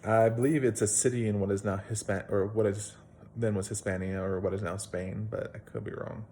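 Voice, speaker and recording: A man's voice: lowish voice, fairly even intonation, a little fast, mellow, slight background noise. A young man, a video blogger, casually retelling a Bible story at home in a plain-spoken, rambling way with fillers.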